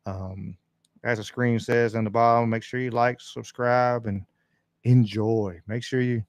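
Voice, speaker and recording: A man's voice: medium pitch, fairly even intonation, measured pace, no echo. A man hosting a casual livestream podcast, rambling in a laid-back way with lots of fillers. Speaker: podcast host. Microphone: desk mic on a stand.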